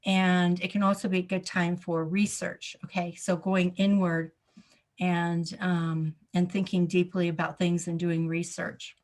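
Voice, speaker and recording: A woman astrologer speaks in a casual solo talk at an unhurried pace. She circles back to her main points and repeats them for emphasis. Ums and uhs fill her pauses. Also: fairly low pitch, little pitch movement, a little mellow.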